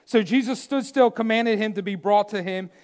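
A man preaching a sermon, emphatic and repetitive, swinging between loud declarations and hushed asides. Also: high-pitched, normal speed.

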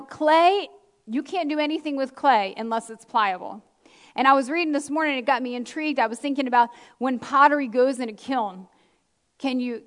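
A middle-aged woman pastor preaching a sermon, earnest and emphatic, repeating key phrases and dropping in casual asides. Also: a little high.

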